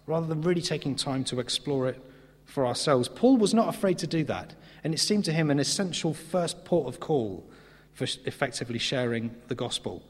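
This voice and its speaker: Guy giving a sermon in church, kinda husky voice, long echo, earnest. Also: fairly high pitch, animated. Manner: earnest, emphatic with pauses. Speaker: preacher. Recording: reverberant hall.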